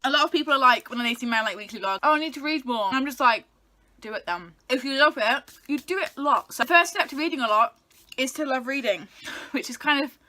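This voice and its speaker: Bright, chatty young woman vlogger. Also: high voice. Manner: chatty, swears casually, talks while eating. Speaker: book YouTuber. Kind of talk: casual chat. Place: home, indoors.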